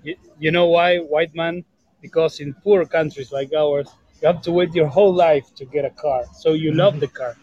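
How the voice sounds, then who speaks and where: A man's voice: a little high, fairly even intonation, moderate pace, a little mellow, dry recording, muffled recording. A man from Argentina calling in to a podcast from a bar, chatting and teasing his co-hosts. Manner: joking, teasing banter. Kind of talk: casual chat.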